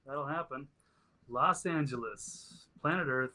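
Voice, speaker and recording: A man's voice: mid-range voice, takes it slowly, pushed and bright. A man from Minnesota, a guest in a casual podcast chat, easygoing and hesitant.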